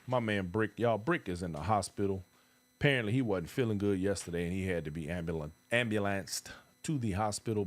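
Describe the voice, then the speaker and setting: A man hosting a casual live-stream talk show, hyping events and calling out viewers in loose slang. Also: sits low. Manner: lively hype with call-outs to viewers. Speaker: host.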